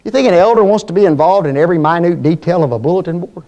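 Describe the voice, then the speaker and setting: High-voiced man preaching a sermon. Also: mellow. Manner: emphatic, repeats key words slowly, asks the congregation questions.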